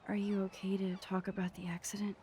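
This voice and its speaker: An actress voicing a shy, earnest teenage girl photographer in a video game, soft-spoken and hesitant. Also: mid-range voice, completely flat delivery, fast talker, a little hiss or hum, lightly acted.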